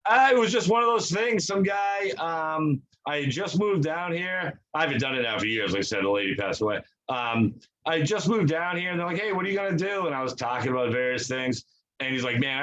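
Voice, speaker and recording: Bright-voiced rambling young man. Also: medium pitch, animated, brisk, highs cut off. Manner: rambling storyteller, swears a lot, acts out quotes. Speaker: podcast co-host. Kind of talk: casual chat.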